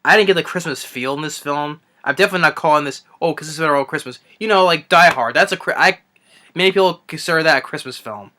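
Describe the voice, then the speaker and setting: A young man rants about a film he disliked, circling back and restarting his sentences often. His voice is bright and forceful and sits a little high. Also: quick pace. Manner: rambling, many restarts and fillers. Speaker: movie reviewer. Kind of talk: unscripted rant review.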